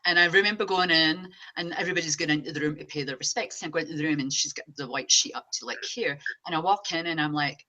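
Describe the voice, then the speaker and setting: Woman, psychic medium guest, chatty and animated, lowish pitch, bright forceful tone. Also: fast talker, few pauses. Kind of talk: casual interview chat.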